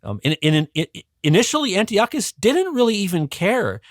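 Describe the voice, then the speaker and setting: A man's voice: sits high, big pitch swings, fairly quick, dry recording, studio quality. A man as a guest educator, explaining history in a casual, conversational way with frequent ums and restarts.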